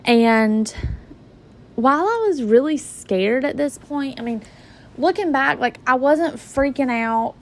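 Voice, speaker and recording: A woman's voice: high-pitched, expressive, slow pace. A woman in her twenties casually retelling a personal story in a conversational way, acting out her own reactions. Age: 20s.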